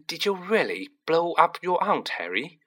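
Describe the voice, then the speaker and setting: A man's voice: on the high side, sing-song, normal speed, sharp tone, pitched above the performer's own voice, exaggerated voice. Hermione, a man doing a studious teenage girl. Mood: serious. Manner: precise, serious, slightly lecturing.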